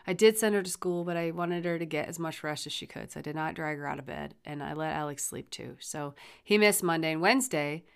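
A woman's voice: low-pitched, fairly quick, vocal fry, smooth. A middle-aged woman hosting a podcast, casually retelling a story about her kid in a blunt, rambling way, swearing freely. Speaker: podcast host and mother.

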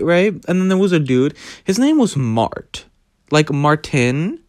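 A young man telling a story in a casual vlog, animated and dramatic, with plenty of swearing. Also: on the high side, measured pace, dry recording, studio quality. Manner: animated, dramatic, profane, gossipy. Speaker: vlogger.

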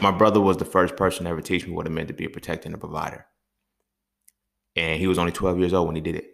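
A man hosting a podcast, telling stories in a casual monologue with profane, streetwise, animated talk. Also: deep voice, creaky. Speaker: podcast host.

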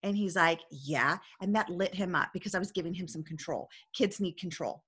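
A woman's voice: lowish voice, fairly even intonation, a little fast, fairly bright tone, husky. A woman coach talking earnestly in a casual discussion, telling a story and often checking in with "right?".

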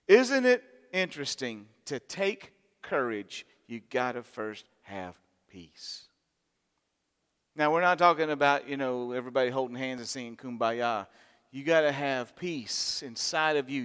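A middle-aged man preaching a sermon, swinging from loud, emphatic lines to soft, intimate asides. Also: mid-range voice, lively intonation, measured pace, clear, resonant tone. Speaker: pastor. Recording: long hall reverb.

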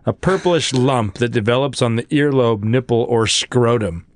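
A man's voice: mid-range voice, normal speed, no room sound. A man guesting on a podcast, chatting casually and stumbling as he reads medical text aloud. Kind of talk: casual chat.

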